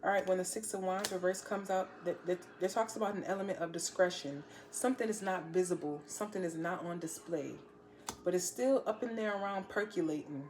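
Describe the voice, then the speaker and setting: A woman's voice: fairly low pitch, a little mellow, a little hiss or hum. A woman giving a casual tarot reading to a viewer, blunt, slangy and teasing as she lays out the cards. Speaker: tarot reader.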